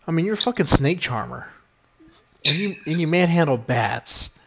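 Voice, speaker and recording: A man's voice: fairly high pitch, animated, normal speed, vocal fry, fairly bright tone. A man hosting a podcast in loose, rambling chat, swearing freely and stacking fillers. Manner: rambling, profane, many fillers. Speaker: podcast host.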